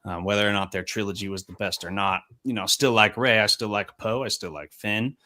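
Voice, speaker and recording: A man's voice: fairly low pitch, steady tone, brisk, bright, forceful tone. A man co-hosting a podcast, laying out his opinions steadily in casual chat. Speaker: podcast co-host.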